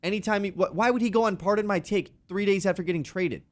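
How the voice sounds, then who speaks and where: A man co-hosting a sports radio show, talking in animated, sarcastic banter and mocking with put-on quotes. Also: high voice, fast talker.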